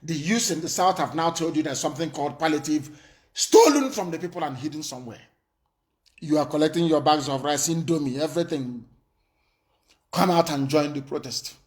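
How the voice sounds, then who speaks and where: A man's voice: on the high side, brisk. A man giving an impassioned, defiant political address, emphatic and full of rhetorical questions. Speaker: political broadcaster.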